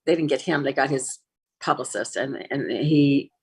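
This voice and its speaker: A former TV host and actress in her sixties speaks as an interview guest in a rumbling low, slightly rough voice at a moderate pace. Telling a personal story she feels aggrieved about, she stays candid and animated, acting out the quoted lines.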